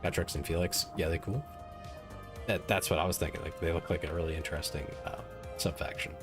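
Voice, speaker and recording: A man with a very low voice talks loosely over his game, rambling and poking fun at himself as he goes. Faint game music plays quietly under him while he speaks into a desk mic. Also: fairly even intonation, fairly quick. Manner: rambling and self-mocking, many "like" fillers. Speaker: game streamer. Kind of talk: casual gaming stream chat.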